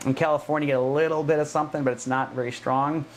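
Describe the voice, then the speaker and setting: A man's voice: a little high, steady tone, a little hiss or hum. A man from Chicago with a Chicago accent, hosting a podcast interview and cheering on his guest. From Chicago, United States. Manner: enthusiastic, quick, affirming. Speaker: podcast host. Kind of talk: casual interview chat.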